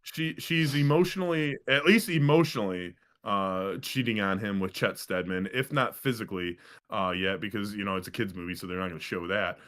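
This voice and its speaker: A man's voice: fairly low pitch, a little fast, fairly bright tone. Rambling, profane man telling a story. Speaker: podcast co-host. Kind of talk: casual sports podcast chat.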